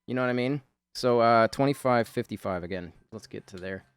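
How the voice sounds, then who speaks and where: A man's voice: mid-range voice, a little fast, clean tone, dry recording. A man hosting a drawing video, rambling in casual chat, often laughing and swearing offhandedly. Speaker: video host.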